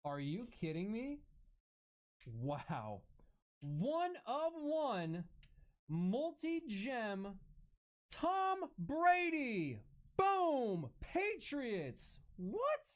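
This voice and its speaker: A woman hosting a live card break, exclaiming excitedly over each card. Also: fairly high pitch, extremely slow.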